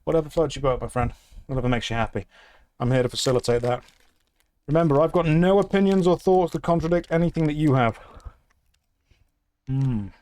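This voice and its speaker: A man's voice: fairly high pitch, a little fast, long pauses, a little mellow. A man chatting casually with viewers while playing a game, in a dry, sarcastic way. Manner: dry, sarcastic banter with chat. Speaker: streamer. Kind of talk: casual gameplay stream chat.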